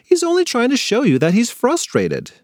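A man's voice: very high-pitched, huge pitch swings, normal speed, darkish tone, dry recording, clean studio sound, voice pushed up, heavily acted. A man voicing a doting, easygoing mother who coos indulgently in a kids' storybook. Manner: sweet, indulgent cooing.

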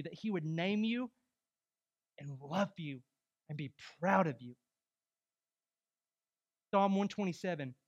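A young adult man preaching a sermon as pastor, emphatic and rising to loud exhortation. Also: high voice, dull audio.

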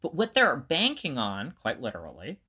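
Bright-voiced explaining podcast co-host. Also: mid-range voice, wildly swooping pitch, moderate pace, slightly rough. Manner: explains at length, restarts and circles back. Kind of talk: casual explanatory chat.

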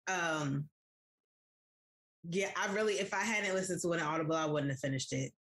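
An American woman co-hosts a podcast, chatting casually and speaking straight to her listeners. Her voice is deep and fairly bright, and she talks at a normal speed.

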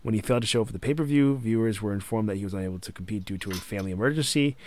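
A man's voice: on the low side, racing, a little mellow, slight background noise. A man hosting a casual podcast chat, recounting wrestling history partly from notes. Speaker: podcast host.

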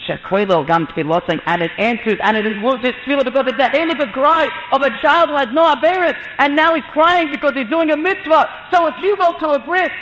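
Man, very high voice, storyteller, animated, long hall echo, muffled sound. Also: slight background noise. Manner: animated, acts out quoted voices with rising pitch. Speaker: storyteller, mohel. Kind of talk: telling an inspirational religious story. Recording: muffled lecture in a reverberant hall.

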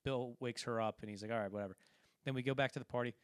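A man's voice: mid-range voice, fairly even intonation, very fast, clear, resonant tone, no echo, clean studio sound. A man casually talking through a film, rambling and acting out quoted lines as he retells scenes. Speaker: podcast co-host.

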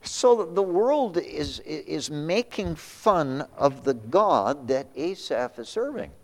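A man's voice: on the high side, expressive, takes it slowly, long reverb tail. A male pastor preaching a sermon, swinging between raised emphasis and sudden whispers, often repeating words as he restarts.

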